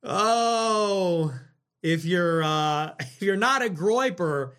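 A man hosting a livestream, talking casually and sarcastically in a rambling way that swings between loud and muttered. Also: high voice, lively intonation, drawn-out words, clean tone. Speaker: livestream host. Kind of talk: casual livestream talk reading viewer messages.

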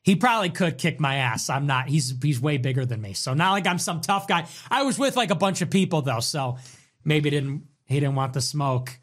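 A man's voice: fairly high pitch, animated, fairly bright tone. Sarcastic man hosting a livestream. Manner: sarcastic, mocking, quick swings in tone. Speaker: livestream host. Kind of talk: casual livestream chat.

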